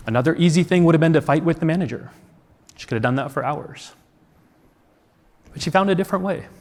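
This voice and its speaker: A man from the United States telling a personal story on stage at a conference, earnest and reflective, with many rhetorical questions. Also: medium pitch. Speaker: conference speaker. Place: large conference hall. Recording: long hall reverb.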